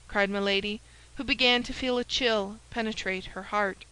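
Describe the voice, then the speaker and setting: A woman reading a classic novel aloud as an audiobook narrator, in a clear and measured way. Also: medium pitch, fairly even intonation, bright, forceful tone, low-quality recording. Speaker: audiobook reader. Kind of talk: scripted narration.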